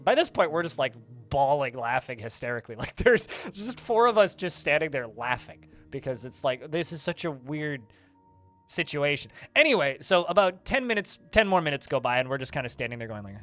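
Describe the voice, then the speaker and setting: A man's voice: on the high side, sing-song, a little fast, a bit bright, soft background music. A man streaming a game, casually telling a rambling anecdote full of fillers. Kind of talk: casual storytelling while playing a game.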